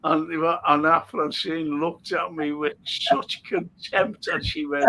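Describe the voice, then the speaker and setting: Telling stories and reading viewer comments between bursts of laughter, an older man with a Liverpool accent hosts a laid-back chat. His fairly high voice is sing-song and sharp, with vocal fry, an unhurried pace, and almost no pauses.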